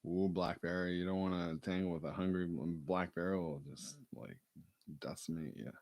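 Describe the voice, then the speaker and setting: A man's voice: low voice, normal speed, a little mellow, dry recording. A man in casual, meandering chat, joking and swearing with lots of fillers.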